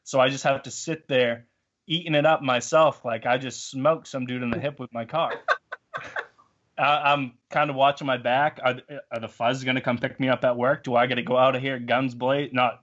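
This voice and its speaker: A man's voice: mid-range voice, fairly even intonation, normal speed, a bit bright, highs cut off. A man, telling a story in a rambling, self-mocking way on a podcast. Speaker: podcast co-host. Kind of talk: casual storytelling.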